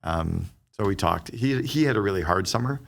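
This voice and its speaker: A middle-aged man, a guest on a business podcast, telling stories in a quick, animated conversational way and acting out the dialogue he quotes. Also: deep voice, gravelly. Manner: fast, animated storyteller who acts out quoted dialogue.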